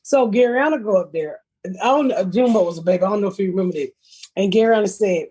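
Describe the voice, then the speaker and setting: A middle-aged woman with a husky, slightly breathy voice hosts a casual podcast chat. She tells comic stories bluntly, full of profanity, and laughs as she goes. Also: mid-range voice, big pitch swings, a little fast, warm tone. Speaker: podcast host. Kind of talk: casual comedic storytelling.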